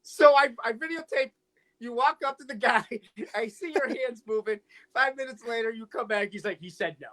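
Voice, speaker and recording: A man's voice: extremely high pitch, normal speed, pushed and bright. Man, video call, casual chat, teasing, rambling stories, many restarts. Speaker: guest friend calling in.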